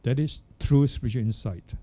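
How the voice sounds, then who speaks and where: Older male monk, dharma talk, extremely dark and warm timbre, measured halting delivery. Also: mid-range voice. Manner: unhurried, searching for words, checks in with "hmm?" and "yeah?". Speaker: Buddhist monk teacher. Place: Buddhist centre hall.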